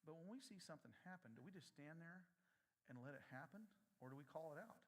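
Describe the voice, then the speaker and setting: A man's voice: a little high, lively intonation, fast talker. A middle-aged man preaching a sermon as pastor, telling stories and acting out the voices of people in them. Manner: storytelling, acting out voices in his anecdotes.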